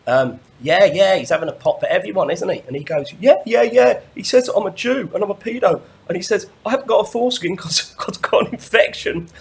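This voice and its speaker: A man's voice: medium pitch, a bit bright, a little hiss or hum. A man delivering a rambling monologue rant, stumbling over restarts and swearing often. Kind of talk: ranting monologue.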